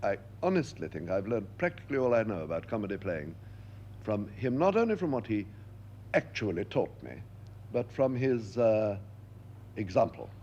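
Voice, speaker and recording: An older man being interviewed, telling lively stories and acting out the voices he quotes. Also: lowish voice, normal speed, highs cut off, slight background noise. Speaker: interviewed actor. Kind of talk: anecdotal interview talk.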